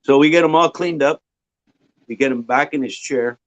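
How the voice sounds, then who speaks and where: A man from Ontario, a guest casually telling a long, rambling anecdote with filler pauses. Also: medium pitch. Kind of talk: casual storytelling. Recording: dull lo-fi audio.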